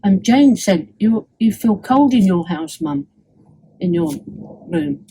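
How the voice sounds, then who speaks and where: A woman's voice: mid-range voice, animated, slow, mellow, a little hiss or hum, low-quality recording. A woman at home, chatting enthusiastically about work done on her house, often restarting her sentences. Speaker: homeowner giving a testimonial. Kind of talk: casual chat. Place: at home indoors.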